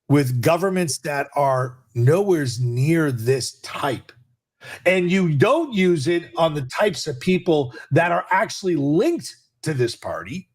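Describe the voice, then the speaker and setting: A middle-aged man hosting a podcast, ranting indignantly in political commentary. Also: on the high side. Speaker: podcast host.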